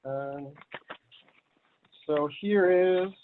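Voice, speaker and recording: A man's voice: on the high side, very slow, a little hiss or hum. A man hosting an online community meeting in casual chat, rambling and giving blunt advice over a video call. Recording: tinny phone-like line.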